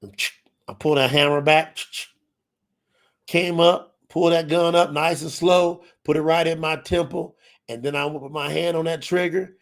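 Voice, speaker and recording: A middle-aged man giving an emotional personal testimony in church, dropping very quiet when he quotes himself. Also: on the high side, fairly even intonation, a little slow. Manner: emotional storyteller, drops very quiet on quoted lines.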